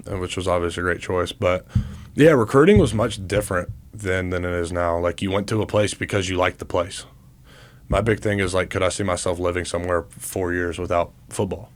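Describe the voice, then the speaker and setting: Low-voiced laid-back young man. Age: 20s. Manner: laid-back, leans on "like" as filler. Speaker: podcast co-host, college football player. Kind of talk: casual chat.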